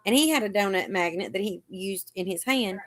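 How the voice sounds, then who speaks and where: A woman's voice: mid-range voice, brisk, fairly bright tone. Chatty woman telling stories. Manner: chatty storyteller, acts out the doctors' lines. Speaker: host of a live chat. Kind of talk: casual live chat.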